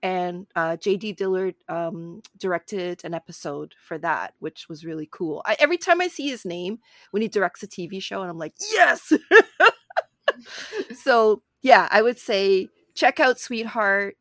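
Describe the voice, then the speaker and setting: A woman's voice: mid-range voice, moderate pace, no echo. Chatty woman, dry close sound. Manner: animated, laughs often, chatty. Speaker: podcast co-host. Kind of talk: casual film discussion.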